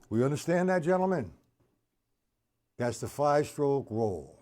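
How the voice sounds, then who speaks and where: Slow-counting male drum teacher. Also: a little high, big pitch swings, loud music behind the voice. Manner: counts beats aloud slowly, chats with viewers. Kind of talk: live-streamed drum lesson.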